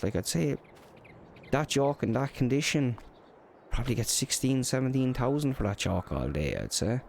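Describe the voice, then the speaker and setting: A man's voice: medium pitch, a little mellow, slight background noise. A man with an Irish accent narrating a farming roleplay in a chatty storytelling way, full of local slang. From Ireland. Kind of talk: casual in-character roleplay narration.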